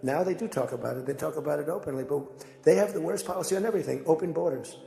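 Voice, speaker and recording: An older man speaks in a rambling, storytelling way, his fairly high voice carrying a gravelly fry. The sound rings out through a large hall with a long, lingering reverb. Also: fast talker, soft background music. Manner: rambling, conversational, animated storytelling. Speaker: political speaker. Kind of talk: rambling speech to a crowd.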